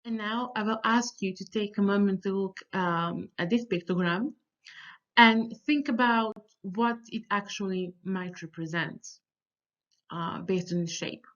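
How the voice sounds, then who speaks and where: A woman's voice: mid-range voice, unhurried, a bit bright. A woman teaching a recorded lecture, explaining step by step with frequent ums and restarts and drawing out sample syllables. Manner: sings out sample syllables with exaggerated tones. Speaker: language teacher. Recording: slightly dull, lo-fi audio.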